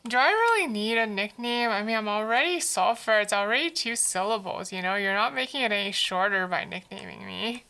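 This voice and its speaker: A woman's voice: medium pitch, animated, brisk, hardly any pauses, sharp tone. A woman streamer chatting casually while she draws, answering chat messages aloud in a playful, teasing way.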